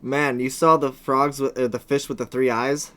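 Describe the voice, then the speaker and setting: Joking mid-pitched podcast man. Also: level tone, normal speed, bright, forceful tone. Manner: joking, riffs into silly bits. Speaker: podcast co-host. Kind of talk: casual chat.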